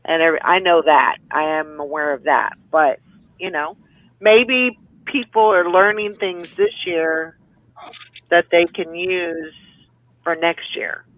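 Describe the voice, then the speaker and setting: A co-host chatting on a morning show, hopeful and chatty, with lots of "you know" fillers. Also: female voice, fairly low pitch, slow, no echo, narrow, tinny audio. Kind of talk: casual morning show chat.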